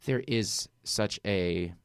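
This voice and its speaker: A man's voice: on the low side, slow, clear, resonant tone, no echo, clean studio sound. A man talking in a casual conversation, earnest and reflective, telling a personal story with many "like" fillers.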